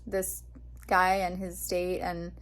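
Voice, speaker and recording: A young woman vlogging, telling an excited story in a chatty way with lots of fillers. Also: fairly low pitch, slow pace. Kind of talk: casual storytelling vlog.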